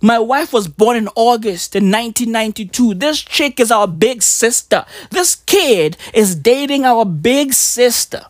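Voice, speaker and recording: A man's voice: very high-pitched, expressive, unhurried, few pauses, no room sound, clean studio sound. A man in his thirties hosting a comedic solo podcast, rambling animatedly with slang and a constant "right?". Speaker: podcast host.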